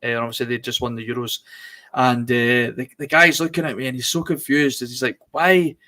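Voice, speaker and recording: A Scottish man co-hosting a live podcast, telling anecdotes in a relaxed, chatty way. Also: medium pitch, a little fast. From Scotland. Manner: anecdotal, laughs while telling stories. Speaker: podcast co-host. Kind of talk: casual live-stream chat. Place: home studio for a live stream.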